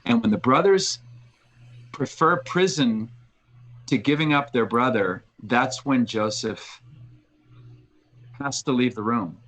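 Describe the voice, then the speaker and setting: A man, a podcast guest, talking casually and retelling a story with animated restarts. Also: medium pitch, takes it slowly, long pauses, rough recording. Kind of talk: casual conversation.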